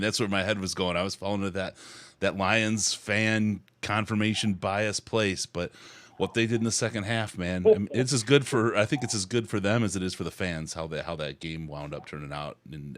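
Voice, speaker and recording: A man's voice: low voice, brisk. A middle-aged man hosting a casual sports podcast, chatty and laughing often. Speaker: podcast host.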